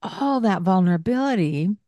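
An older woman hosting a parenting podcast, giving gentle coaching in a soft-spoken way and laughing often. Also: mid-range voice, animated, moderate pace, no echo.

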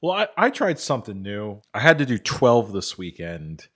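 Man, podcast co-host, rambling chatty storytelling, lowish voice. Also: wildly swooping pitch, normal speed, fairly bright tone. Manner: chatty, rambling, many "you know" fillers. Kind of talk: casual chat.

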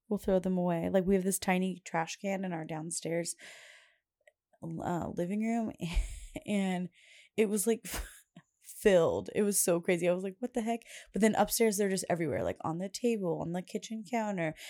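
A woman's voice: medium pitch, dark tone, dry recording, studio quality. A young woman hosting a podcast in a casual, rambling chat, often laughing as she talks. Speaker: podcast host.

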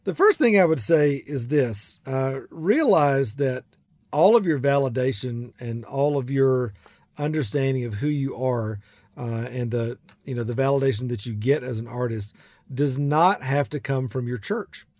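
A man's voice: medium pitch, measured pace, no echo. Man, Southern accent, podcast host, chatty, rambling, studio mic, dry. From South Georgia, USA. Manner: warm, chatty, rambling with fillers and laughs. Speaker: podcast host and artist mentor. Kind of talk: casual podcast chat. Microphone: studio microphone.

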